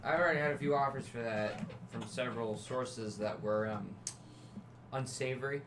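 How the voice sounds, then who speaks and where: A man's voice: mid-range voice, moderate pace, background noise. A man playing in a tabletop role-playing game, bantering playfully and often speaking in character. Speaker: player.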